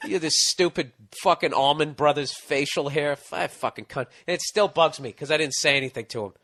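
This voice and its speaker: A man's voice: a little high, brisk, hardly any pauses, pushed and bright. A middle-aged man with a Boston accent, hosting an advice podcast and reading out listener mail in a profane, ranting storytelling manner.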